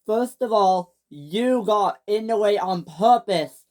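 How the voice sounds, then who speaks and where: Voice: medium pitch, expressive, slow, darkish tone, pitched above the performer's own voice. A young storyteller voicing a stern, scolding male railway boss in a homemade toy-train story.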